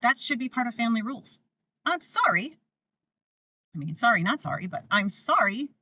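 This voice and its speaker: An older woman hosting parenting advice to camera, emphatic and repetitive, sometimes acting out gentle lines she would say to a toddler. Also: on the high side, sing-song, fast, recorded from a distance, lo-fi sound.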